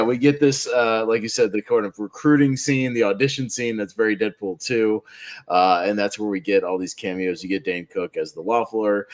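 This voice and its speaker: A man on a movie podcast, chatting casually and recapping the plot in a rambling way with frequent laughs. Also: lowish voice. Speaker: podcast panelist.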